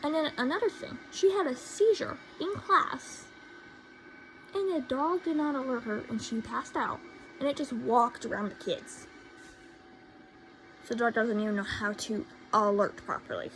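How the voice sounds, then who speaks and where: A woman's voice: sits high, normal speed, a little hiss or hum, rough recording. A teenage girl telling a storytime rant, indignant and sarcastic, repeating herself for emphasis. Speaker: vlogger.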